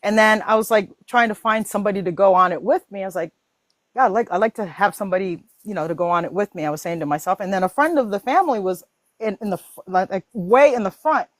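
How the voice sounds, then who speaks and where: A woman hosting a casual chat about mindset, telling animated stories full of laughs and voiced quotes. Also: medium pitch, fast talker, no room sound, studio quality. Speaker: host.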